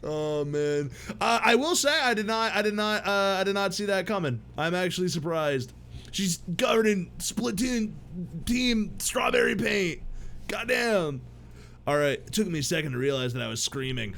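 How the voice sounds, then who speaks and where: A man streaming a visual novel, reading the lines aloud in a loud, excitable way and breaking in with crude jokes and sudden shouts. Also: sits high, moderate pace, gravelly, faint music behind. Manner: crude jokey asides. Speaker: let's-play streamer.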